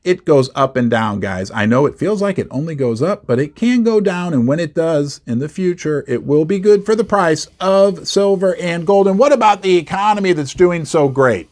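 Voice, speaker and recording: Middle-aged man hosting a finance talk channel; emphatic, lively delivery, a touch high-pitched. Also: normal speed, hardly any pauses. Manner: animated, emphatic, repeats words for stress. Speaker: host. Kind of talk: casual market commentary.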